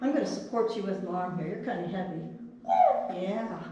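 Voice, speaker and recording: A woman puppeteer giving a children's puppet show, gently coaxing and talking to her puppet. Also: lowish voice, brisk. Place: chapel. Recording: echoey chapel from far off.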